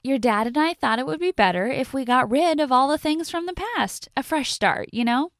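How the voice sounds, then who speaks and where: A woman's voice: sits high, animated, normal speed, no room sound, clean studio sound, pitched above the performer's own voice. A woman voicing a smug, cold stepmother-to-be who speaks in a cool, condescending way.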